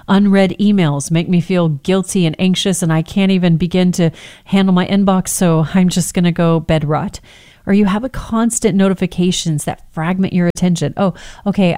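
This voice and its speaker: A woman hosting a faith-based teaching talk, speaking in a conversational, animated way and slipping into little acted-out voices. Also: on the low side.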